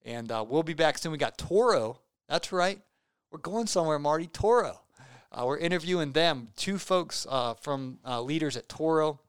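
A young male podcast host rambles through his sign-off in an excitable, joking way, tripping over words and piling up fillers. His voice is smooth and clear, recorded close and dry with no room sound. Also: on the high side, normal speed, dry recording. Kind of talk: casual podcast sign-off chat.

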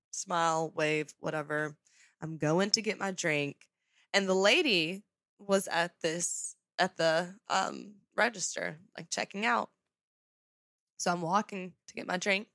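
Sharp-voiced sarcastic young woman storyteller. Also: lowish voice, no echo. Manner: sarcastic, animated retelling. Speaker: podcast host. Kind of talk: casual storytelling.

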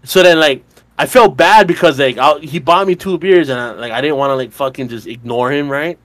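A man's voice: fairly high pitch, brisk, fairly bright tone, no echo. A man in his twenties, a podcast co-host, telling a bar story in casual chat, rambling and swearing, full of fillers. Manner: rambling, profane, filler-heavy retelling with laughs.

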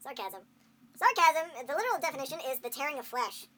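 A woman's voice: high-pitched, sing-song, fast talker, fairly bright tone. A woman co-hosting a podcast in casual chat, explaining things at length and laughing often. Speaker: podcast co-host. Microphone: podcast mic on a shared recording track.

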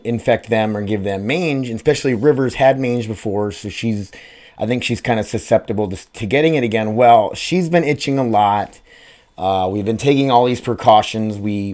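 Hosting his own casual solo podcast, a Grand Forks, North Dakota man chats in a rambling, profane, self-deprecating way. His voice is lowish with a darkish tone.

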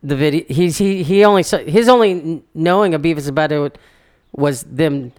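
Young male podcast co-host, rambling and laughing, higher voice, clean tone. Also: normal speed, clear, resonant tone. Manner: rambling, laughs often, restarts sentences. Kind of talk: casual chat.

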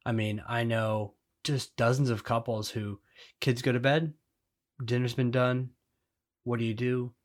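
A man's voice: mid-range voice, flat delivery, unhurried. A man co-hosting a podcast, chatting casually and joking with his wife. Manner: joking, conversational. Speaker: podcast co-host. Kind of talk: casual chat.

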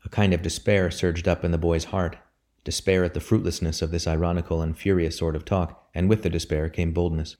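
Deep voiced man reading an audiobook, low and measured, calm storytelling. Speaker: audiobook reader. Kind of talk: scripted audiobook narration.

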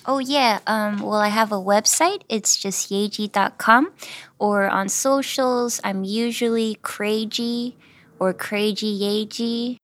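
A woman guest on a podcast, soft-spoken and a little hesitant in casual chat. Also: medium pitch, steady tone, slow pace, no room sound.

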